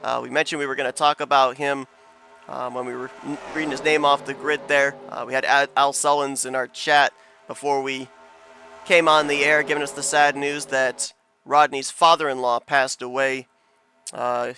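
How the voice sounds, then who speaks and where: A man commenting on a sim race broadcast in quick, chatty play-by-play with bursts of excitement. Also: mid-range voice, a little hiss or hum.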